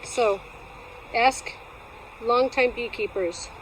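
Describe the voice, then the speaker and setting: Speaking slowly in a fairly high voice, an Alaskan beekeeper chats playfully at her hives outdoors for a casual how-to vlog, teasing herself as she goes. The recording is rough, with outdoor noise and passing vehicles.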